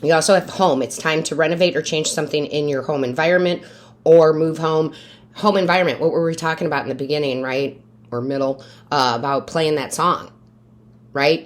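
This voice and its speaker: A woman reading tarot cards for her viewers. She talks in an emphatic, coaching way, often checks in with "right?", and asks the cards for messages in quiet asides. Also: deep voice, slight background noise. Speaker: tarot reader and medium.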